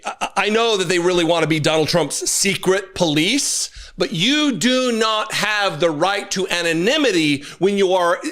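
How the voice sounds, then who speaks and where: Man, mocking commentary host, bright high voice, swinging pitch. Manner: sarcastic, mocking, animated. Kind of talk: casual commentary.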